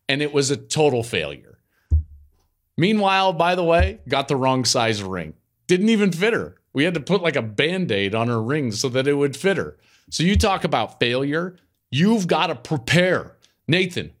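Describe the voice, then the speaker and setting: Give me a middle-aged man hosting a podcast, a self-mocking storyteller with a very lively voice and faint music underneath. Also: a little high. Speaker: podcast host. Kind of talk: casual storytelling monologue.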